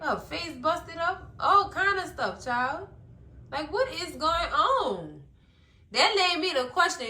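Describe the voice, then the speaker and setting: A high-pitched woman with a bright, ringing voice chats expressively to her viewers as she recaps a TV episode. The sound carries an echo from the room around her. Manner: chatty and expressive, talks straight to viewers. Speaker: TV recap vlogger. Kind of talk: casual recap chat.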